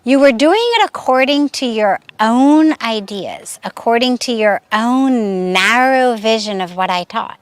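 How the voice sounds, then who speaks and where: A woman voicing a calm, wise old male guru who corrects his pupil patiently and with emphasis. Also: a little high, a little slow, few pauses, no echo, close to an everyday voice. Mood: admonishing.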